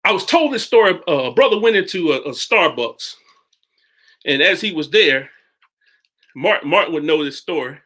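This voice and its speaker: A male preacher delivers a sermon as a story, stopping and restarting his phrases. His voice is bright and ringing. His pitch rises and falls widely as he goes. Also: animated. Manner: halting, with many restarts and sudden pitch jumps.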